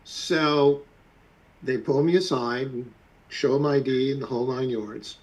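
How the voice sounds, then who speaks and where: A man chatting casually on a livestream and telling a calm travel story. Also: medium pitch, unhurried, low-quality recording. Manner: relaxed anecdotal storytelling. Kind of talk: casual chat.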